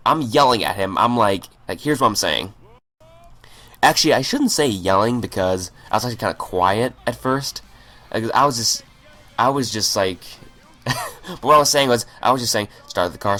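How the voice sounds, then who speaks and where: Rambling, profane man with a lively voice. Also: mid-range voice. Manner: rambling and profane, with stammered restarts. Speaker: gaming channel host. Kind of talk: casual storytelling over gameplay.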